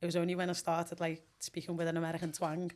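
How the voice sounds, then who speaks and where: Chatty Scouse woman, lowish voice. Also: completely flat delivery, quick pace, a little mellow. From Liverpool, England. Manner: chatty, rambling, with many ums and restarts. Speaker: guest. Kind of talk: casual interview chat.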